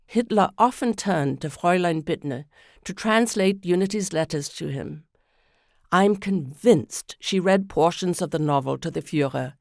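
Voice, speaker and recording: A woman reads a scripted podcast story in a measured, unhurried way. Her voice sits on the lower side. The recording is dry and close to the mic. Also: gravelly, dry recording. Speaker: narrator.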